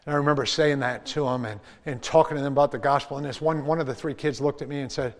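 A man preaching a testimony sermon, swinging between loud preaching and hushed storytelling. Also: medium pitch, steady tone, fast talker. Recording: reverberant hall.

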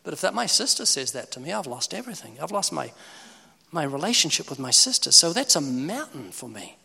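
A man's voice: fairly high pitch, a little fast, vocal fry, slightly rough. A man, giving a humorous preaching talk on evangelism and acting out conversations. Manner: animated, humorous, acts out conversations. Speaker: evangelist speaker. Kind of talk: preaching talk with acted dialogues. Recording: echoey hall reverb.

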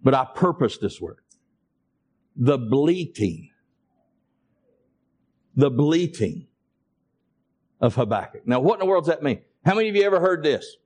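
Preaching a sermon to his congregation, a high-voiced male pastor speaks in an animated, slightly quick way and calls to the people before him in Southern US vernacular, urging them to say amen. His impassioned delivery builds steadily until it reaches fervent, almost shouted peaks.

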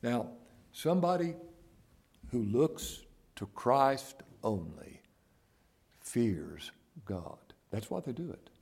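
Slow, dramatic male preacher. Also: medium pitch, big pitch swings, vocal fry, husky. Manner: dramatic swings from hushed whispers to raised exclamations. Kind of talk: sermon.

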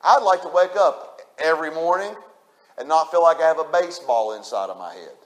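A man's voice: fairly high pitch, expressive, fairly quick. A man preaching a sermon, repeating his points with emphasis and speaking straight to the congregation. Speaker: pastor.

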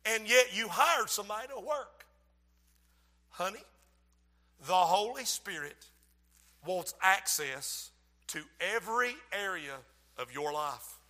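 A man preaching a sermon as pastor of a church, swinging between loud outbursts and hushed asides. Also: high voice, lively intonation, takes it slowly, long pauses, big-room sound.

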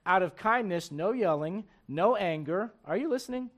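A man preaching a sermon in church, animated and digressive, with frequent asides to the congregation. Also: high-pitched, normal speed. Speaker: pastor. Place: church sanctuary.

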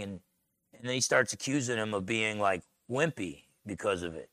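A man with a New Jersey accent, a pastor preaching a sermon in an animated, storytelling way. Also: fairly low pitch, moderate pace, no room sound.

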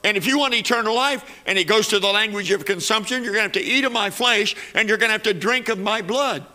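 A man's voice: sits high, fast talker, sharp tone. A man preaching a sermon, building to emphatic peaks and repeating phrases as he goes.

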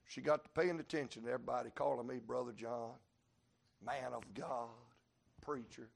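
A male preacher delivering a revival sermon, storytelling in a folksy way and breaking into sudden shouts. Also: mid-range voice, fairly even intonation, moderate pace, vocal fry. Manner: preaching with sudden shouted peaks and Southern folk sayings.

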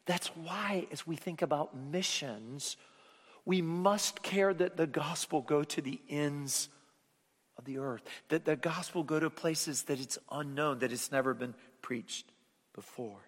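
A man preaching a sermon, rising to loud emphatic lines and then dropping to hushed, low endings. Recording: long hall reverb.

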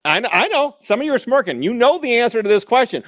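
A man from Michigan preaching a sermon, telling stories and slowing down to stress key phrases. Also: extremely high pitch, sing-song, a bit bright, dry recording, studio quality. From Michigan, USA. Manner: storytelling, emphatic with slow stressed phrases.

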